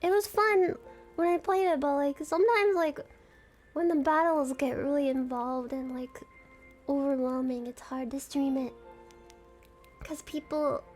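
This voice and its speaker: Young woman streamer, very high, giggly, rambling casual chat. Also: steady tone, measured pace, long pauses, a little mellow, faint music behind. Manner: giggly, rambling, self-conscious fangirling.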